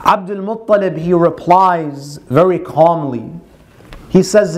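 High-voiced man telling a story. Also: slow pace. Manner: retells a story, quoting Arabic and translating it. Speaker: religious speaker. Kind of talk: storytelling lecture.

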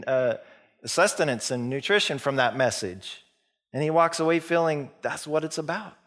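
A man's voice: a little high, a bit bright. A man preaching a sermon as a pastor, retelling a parable in a conversational storytelling way with many restarts. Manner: conversational storytelling with frequent restarts and acted-out quotes.

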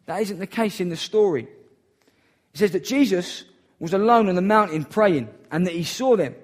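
A man's voice: sits high, normal speed. A man preaching a sermon in an earnest, emphatic way, repeating key phrases for weight.

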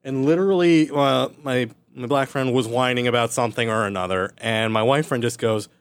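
A man's voice: mid-range voice, normal speed, few pauses. A man co-hosting a podcast, telling a bar story in a casual way and acting out his friends' quoted lines. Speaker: podcast co-host. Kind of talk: casual chat, telling an anecdote.

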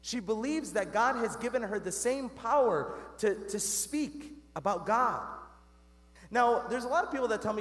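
Priest with a high, lively voice in a church. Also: male voice, moderate pace. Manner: earnest, conversational preaching with rhetorical questions; addresses the congregation as "guys". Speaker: Catholic priest. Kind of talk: sermon. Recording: long reverb of a church.

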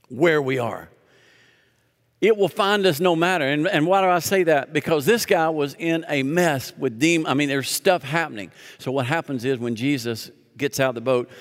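A man preaching a sermon as pastor, emphatic, full of rhetorical questions and dramatic slowdowns. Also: fairly high pitch. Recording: reverberant hall.

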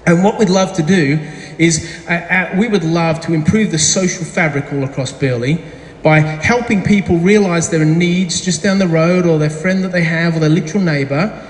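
A man's voice: a little high, moderate pace. A middle-aged man preaching a sermon as pastor, telling a story chattily with self-deprecating asides. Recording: echoey hall with faint ambience.

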